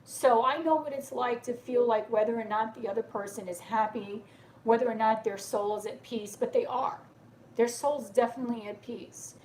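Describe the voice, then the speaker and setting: A woman's voice: fairly high pitch, normal speed, a little mellow, slight background noise. A woman doing a live tarot reading for viewers, speaking in a soothing, reassuring way and often checking in with "okay?", sounding tearful and emotional. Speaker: tarot reader.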